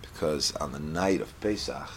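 A man giving a storytelling Torah lesson, reading Hebrew lines and explaining them in English, with lively character voices. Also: a bass voice, moderate pace, a little hiss or hum.

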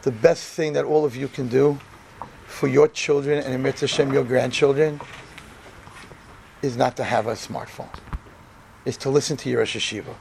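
A rabbi addresses a room of yeshiva students with a humorous narrative sermon, animatedly voicing the dialogue. He speaks at a moderate pace in a creaky, mid-range voice, leaving long pauses, with slight background noise.

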